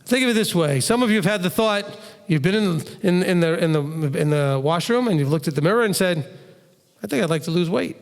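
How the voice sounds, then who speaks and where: High-voiced man teaching in echoing hall. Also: fairly quick. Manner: animated, acts out quoted speech, asks rhetorical questions. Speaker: Bible teacher answering questions. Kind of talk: conversational Bible teaching Q&A. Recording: long hall reverb.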